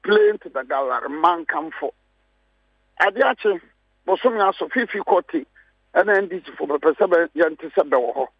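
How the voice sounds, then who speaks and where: A man's voice: a little high, lively intonation, normal speed, breathy edge, no room sound. A man with a Ghanaian accent, a political guest on a radio panel, mixing languages and hammering his points with repeated phrases. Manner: emphatic, repeats key phrases. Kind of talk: heated radio panel talk. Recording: muffled dry studio sound.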